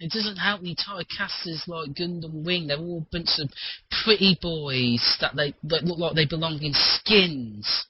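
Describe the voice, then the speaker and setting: A man talking in a rambling, animated casual chat, swearing freely, on a muffled lo-fi recording. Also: on the high side, measured pace, slight background noise.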